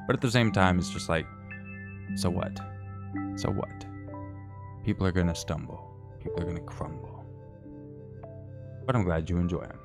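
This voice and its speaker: A man with a very low, deep voice chatting casually on a live stream, rambling and joking at his own expense. Faint music plays softly behind him. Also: a little fast, vocal fry, pauses often. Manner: rambling, joking, self-deprecating.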